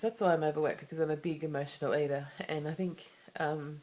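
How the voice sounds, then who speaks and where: In a confessional vlog, an Australian woman shares personal matters into the camera with a low, slightly mellow voice. She speaks fairly quickly in a steady tone with hardly any pauses, rambling candidly, restarting sentences and circling back with asides.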